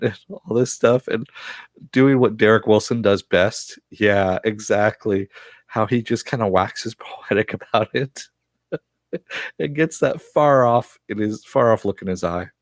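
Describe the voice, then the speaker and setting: Male reviewer, lowish voice, dry close mic, casual chatty recap with frequent chuckles. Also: no room sound. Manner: chatty, laughs often, many fillers. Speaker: TV episode reviewer.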